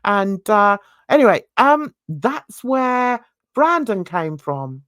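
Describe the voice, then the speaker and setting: Chatty woman with a lively voice. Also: mid-range voice, slow, dry recording, studio quality. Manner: chatty, rambling, sharing opinions and asides. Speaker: YouTube commentator. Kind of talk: casual chat to camera.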